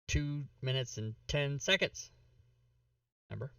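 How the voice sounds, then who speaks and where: Dude rambling casually before the game, sounds a little far from the mic, dry. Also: male voice, medium pitch, measured pace, gravelly, pauses often, sharp tone, clear, resonant tone, no room sound. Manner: rambling, chatty. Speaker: player. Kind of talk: casual chat.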